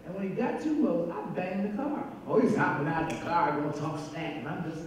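A woman in her sixties telling stories on stage in a lively way, laughing and acting out what people said, as a guest speaker in a large hall. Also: on the low side, a little fast, far from the mic. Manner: lively, laughing, acts out quotes. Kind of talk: animated storytelling on stage. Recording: echoey hall, mic from afar, faint hiss.

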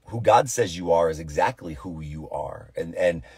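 A man's voice: sits low, moderate pace, a little mellow, slightly rough, no room sound. A man giving an informal devotional Bible teaching, earnest and repeating phrases for emphasis.

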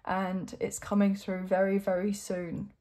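A woman's voice: medium pitch, completely flat delivery, unhurried, warm tone. A young adult woman giving an encouraging, emotional tarot reading to her viewers, at times choked up. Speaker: tarot reader.

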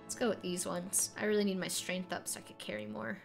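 Over music, a young North American woman streaming a game talks quickly in a fairly low, flat voice with vocal fry. Her casual gameplay commentary rambles with restarts and giggles, and her voice is cracking.

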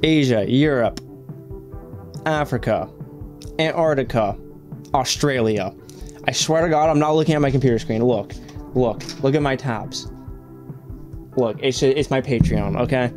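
A man's voice: mid-range voice, a little slow, pauses often, darkish tone, soft background music. A man hosting a reaction video, rambling in casual commentary, swearing often and filling his talk with "like".

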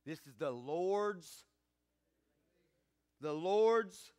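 A man preaching a sermon as pastor, fervent and calling for responses from the congregation, rising to loud emphatic peaks. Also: sits high, animated, drawn-out words, clean tone.

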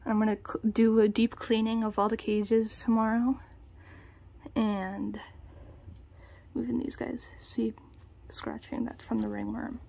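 A woman's voice: fairly high pitch, little pitch movement, a little slow, creaky, long pauses, mellow. A young woman vlogging casually, talking to her pet rats in cooing baby talk and sometimes whispering.

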